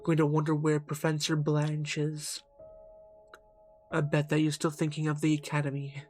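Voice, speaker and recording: A man's voice: fairly high pitch, monotone, moderate pace, darkish tone, faint music behind, lightly acted. A man voicing a taunting female demon. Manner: taunting, mocking. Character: teasing cruel female demon, once a lover.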